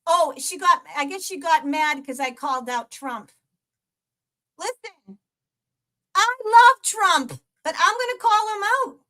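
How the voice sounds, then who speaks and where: In a profane, mocking live-stream rant, a woman host taunts a troll and laughs between jabs. She speaks in a high, animated voice with a bright, forceful tone at a measured pace.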